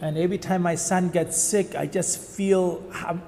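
A man preaching in with heartfelt emotion, pausing and repeating words, in short bursts for an interpreter. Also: sits high, steady tone, vocal fry, dark tone. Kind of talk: sermon with live interpretation. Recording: church hall reverb.

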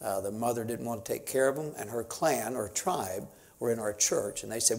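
A missionary in his fifties preaches in a church sanctuary, starting folksy and conversational before building to emphatic preaching. His medium-pitched voice has vocal fry and a slightly mellow quality, at a moderate pace.

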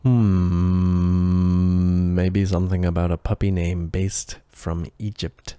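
A man's voice: deep voice, flat delivery, slow, dark tone, smooth, dry recording. A man co-hosting a podcast in casual chat, teasing and cutting in with playful remarks. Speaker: podcast co-host.

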